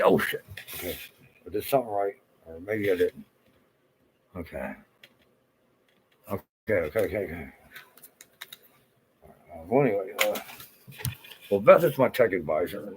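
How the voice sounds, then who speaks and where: Older guy, very low voice, rambly and swearing, home livestream host. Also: a little hiss or hum, poor audio. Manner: swearing, flustered, talking to himself.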